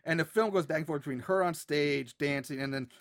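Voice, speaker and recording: A man's voice: a little high, brisk. Chatty man recapping a movie. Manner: rambling, filler-heavy retelling with frequent restarts. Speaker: podcast co-host. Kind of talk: casual movie recap chat.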